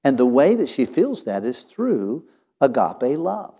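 Folksy male pastor, mellow voice. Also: mid-range voice, big pitch swings, a little slow, slightly rough. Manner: folksy, homespun sayings with many restarts. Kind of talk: casual talk about counseling.

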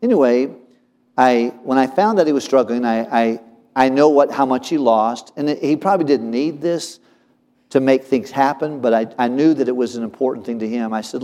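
A man's voice: medium pitch, moderate pace, mellow. Earnest male pastor in a reverberant hall. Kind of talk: sermon storytelling.

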